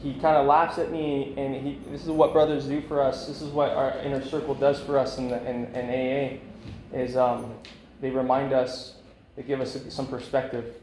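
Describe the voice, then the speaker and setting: Man, rambling candid recovery talk, middle pitch, faint ambience behind. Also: little pitch movement, moderate pace, a little mellow, slight background noise. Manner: candid, rambling, with frequent fillers and laughs. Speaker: speaker at a recovery meeting. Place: meeting room. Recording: echoey room, faint ambience.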